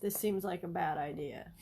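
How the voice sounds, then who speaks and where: A woman's voice: on the low side, a little mellow, a little hiss or hum. A woman chatting casually on a live stream while she paints at home, rambling and coaxing her cats over.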